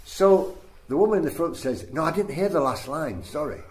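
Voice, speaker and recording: An older man, a comedian guest, telling stories in an animated, laughing way during an interview. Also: fairly high pitch, moderate pace. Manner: animated storyteller, breaks into laughter. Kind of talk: anecdotal interview chat. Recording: echoey room, faint noise.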